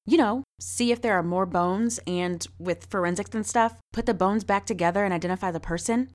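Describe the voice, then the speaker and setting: A woman's voice: mid-range voice, brisk, natural voice. A woman voicing an eager, hot-tempered young girl in a storybook reading.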